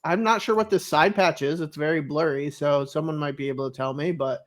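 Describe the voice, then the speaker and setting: Relaxed man hosting a casual hat show. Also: a little high, brisk. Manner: relaxed, rambling with fillers. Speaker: host. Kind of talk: casual product show chat.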